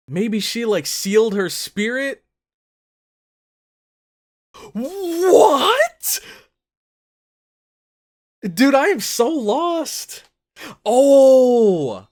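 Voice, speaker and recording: A man giving casual reaction commentary, thinking out loud with lots of fillers and breaking into loud excited exclamations. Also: sits high. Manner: thinks aloud with many fillers. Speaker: anime reaction host.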